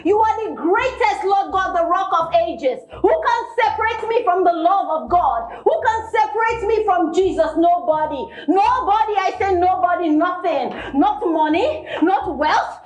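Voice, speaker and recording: Brief: a woman as a fervent, preachy Nigerian wife, very high voice, echoey room, music under. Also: animated, moderate pace, few pauses. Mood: fervent praying. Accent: Nigerian English. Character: pious, combative young wife Nancy who prays loudly. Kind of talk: Nollywood film acting.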